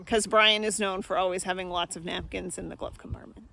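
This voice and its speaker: A woman's voice: fairly low pitch, fairly even intonation, normal speed, creaky, pushed and bright. A woman chatting cheerfully to the camera outdoors on a camping weekend. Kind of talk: casual vlog chat.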